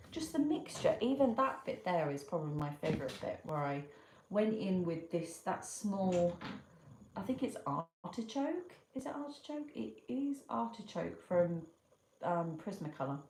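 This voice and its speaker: A woman chatting casually to viewers during a live stream while she draws, muttering to herself and greeting them brightly. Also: lowish voice. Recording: echoey room with clear background noise.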